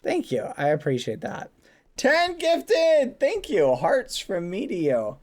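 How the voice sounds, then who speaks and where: Giggly man streamer with a lively voice. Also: sits high, slow. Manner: giggly, animated, swaps swears for silly words. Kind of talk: livestream chat, reading viewer stories aloud.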